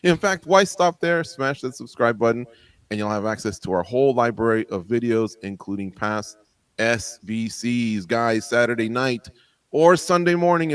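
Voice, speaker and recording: A playful, upbeat man hosting a show, with a middle-pitched voice. The sound is dry and close, with no room around it. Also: clean tone, dry recording. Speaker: host. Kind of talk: show host introduction.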